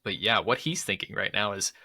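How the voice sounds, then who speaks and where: A man playing a tabletop game, unhurried and thinking aloud about the rules. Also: on the low side, big pitch swings, pushed and bright, breathy edge, dry recording. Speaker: player. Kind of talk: casual chat at a tabletop game.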